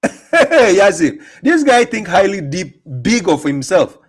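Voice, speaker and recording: A man's voice: sits high, very animated, slow, slightly rough. A man hosting a reaction commentary, talking in a mocking, emphatic way, laughing often and repeating words. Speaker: host reacting to a video.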